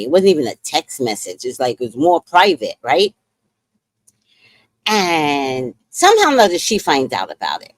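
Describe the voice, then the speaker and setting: Podcast host, woman, animated and chatty, unhurried delivery, lowish voice. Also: dry recording. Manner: animated, exclaims and acts out quotes. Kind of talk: casual reality-show recap.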